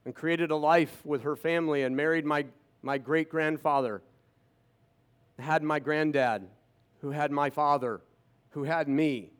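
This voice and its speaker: In an unhurried, clear, resonant voice that is a little high, a man in his fifties tells an audience about his own experiences. He pauses often and slips in sarcastic asides.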